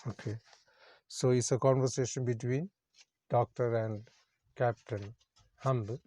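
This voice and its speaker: A man's voice: medium pitch, fairly even intonation, a little slow, warm tone. Man explaining a story word by word. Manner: reads a passage, then glosses words plainly and repeats; simple, non-native English phrasing. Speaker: English teacher.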